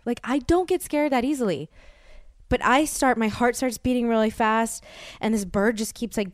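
A woman's voice: mid-range voice, smooth, no room sound, studio quality. An American woman in her thirties, a podcast host telling a story in a rambling, casual way, full of "like" and stammered restarts. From United States. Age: 30s.

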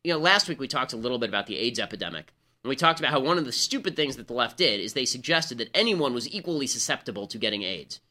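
A man hosting a political talk show, delivering a rapid, sarcastic, argumentative monologue. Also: medium pitch, sing-song, bright, forceful tone. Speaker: political commentary host.

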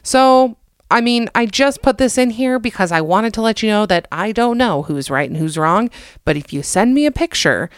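A woman's voice: fairly high pitch, lively intonation, normal speed, clear, resonant tone, dry recording. Podcast host, young woman from the US, dry close mic, self-deprecating and jokey. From United States. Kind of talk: casual comedic monologue.

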